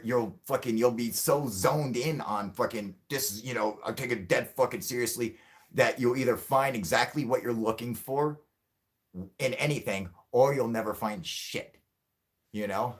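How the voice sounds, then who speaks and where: A lowish-voiced man hosts a UFO livestream, chatting casually with viewers while rambling, swearing and frequently joking and laughing. When riled, he gets loud and mock-heated.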